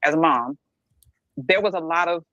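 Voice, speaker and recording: A woman's voice: low voice, normal speed, fairly bright tone, no room sound, highs cut off. A middle-aged woman speaking bluntly and emphatically as a podcast guest, often checking in with "right?". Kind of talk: candid podcast discussion.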